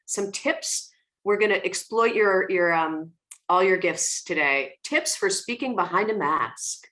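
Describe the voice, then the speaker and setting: A woman's voice: medium pitch, expressive, a little slow, a bit bright. A woman hosting a casual online theatre talk, asking questions and telling anecdotes with easy laughter.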